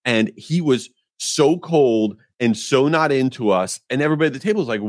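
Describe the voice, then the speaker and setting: A man hosting a podcast, telling an exasperated, animated story about a pet peeve. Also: medium pitch, fairly quick, no echo, clean studio sound. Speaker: podcast host. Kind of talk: ranting monologue.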